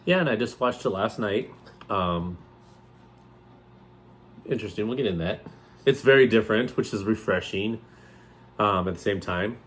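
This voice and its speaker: A man co-hosting a horror movie review in casual chat, joking and rambling, with thoughts that trail off softly. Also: fairly low pitch, moderate pace, long pauses. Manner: joking, jumps into loud playful outbursts.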